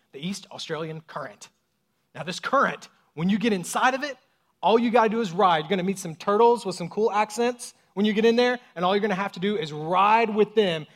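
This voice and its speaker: A man preaching a sermon with a lilt, swinging from loud bursts to hushed lines and acting out voices as he tells the story. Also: sits high. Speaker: pastor.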